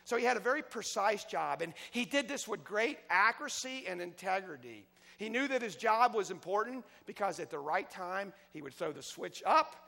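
A male preacher giving a sermon, telling a story with passion, swinging from loud outbursts to hushed words. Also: high-pitched, gravelly. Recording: long hall reverb.

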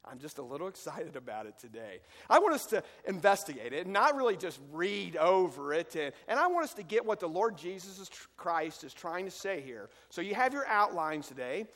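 A pastor preaching a sermon, emphatic at times and then quiet as he reads scripture and guides his listeners through it. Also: high-pitched, big pitch swings, normal speed, hardly any pauses. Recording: long hall reverb.

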